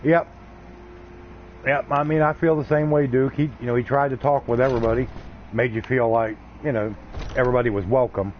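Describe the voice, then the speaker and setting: Man, game stream host, casual rambling chat, mid pitch, dull lo-fi sound. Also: fairly even intonation, brisk, slight background noise. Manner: rambling, laid-back, folksy. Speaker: gaming livestream host. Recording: slightly dull lo-fi stream audio.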